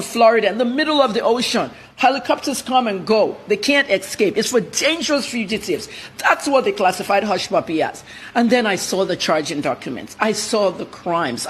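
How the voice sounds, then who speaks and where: Blunt, rapid-fire woman journalist. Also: mid-range voice, slightly rough. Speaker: journalist guest. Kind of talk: TV interview commentary.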